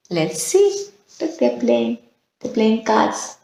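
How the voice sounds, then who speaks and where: Woman teacher reading a storybook to small kids, unhurried and coaxing, with a strong room echo. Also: a little high, sing-song, creaky. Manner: slow, gentle, coaxing, asks children questions. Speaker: children's teacher. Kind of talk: storytime and calming exercise for young children. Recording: very echoey room.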